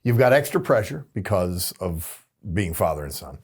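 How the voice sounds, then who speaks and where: A man's voice: deep voice, sing-song, moderate pace, darkish tone, slightly rough. A man hosting a TV talk show, asking chatty questions in a casual interview.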